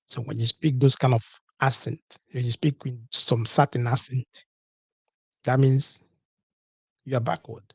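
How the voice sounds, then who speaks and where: A man's voice: mid-range voice, steady tone, measured pace, vocal fry, long pauses, breathy edge, no echo. A man hosting a solo podcast, talking in a rhetorical way, repeating his points and asking "okay?" to his listeners. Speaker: podcast host.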